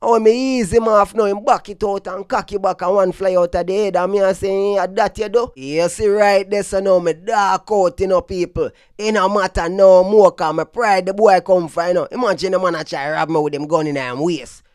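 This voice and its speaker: A man's voice: high voice, steady tone, normal speed, few pauses, darkish tone, clean tone, dry recording, clean studio sound. A man from Brooklyn with a mixed Jamaican and New York accent, giving casual vlog commentary and telling stories that switch between patois and street slang. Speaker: dancehall news vlogger.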